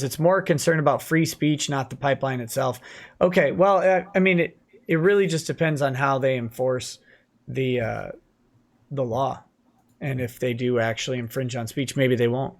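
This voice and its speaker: A man in the middle of his pitch range hosts a late-night livestream. He reads viewer messages aloud in a casual way and answers each one with a short, dry quip. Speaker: livestream host reading viewer comments.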